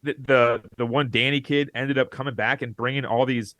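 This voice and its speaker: A man co-hosting a podcast, telling a rambling, animated story in casual chat. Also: medium pitch, normal speed, dry recording. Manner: rambling, animated, acts out quoted lines. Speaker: podcast co-host.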